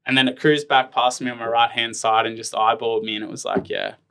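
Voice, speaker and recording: An Australian man in his thirties from Tasmania, a professional ironman athlete, tells rambling stories as a guest in a casual interview, filling them with "like." His mid-range voice is smooth, fast, bright and forceful, with a flat delivery.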